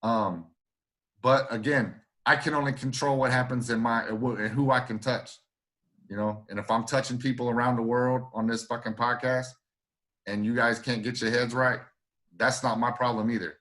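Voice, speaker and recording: Speaking at a normal speed with medium pitch, fairly even intonation, and a slightly bright tone, a man co-hosts a casual podcast. He makes his points forcefully, curses freely, and tends to repeat and restart.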